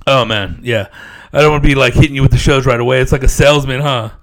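A man riffs loosely as a comedy podcast host, joking and looping back on "yes, yes" and "man". His mid-pitched voice has a noticeable creak, recorded in a podcast studio. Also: quick pace, a bit bright. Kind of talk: casual comedic monologue.

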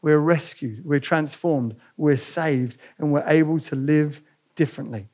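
A man's voice: on the high side, a little slow. A man preaching a sermon, retelling a story and explaining its meaning to the church. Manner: reads quoted dialogue with lively acted voices. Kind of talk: sermon with dramatic reading.

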